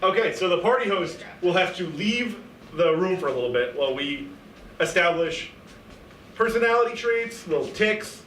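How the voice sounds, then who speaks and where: An excitable young man hosts a round of improv games, loud and quick to shout. His voice sits high and swings widely, with a bright edge. The sound is echoey and distant, as if caught by a mic across the room, with faint noise behind. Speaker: improv game host.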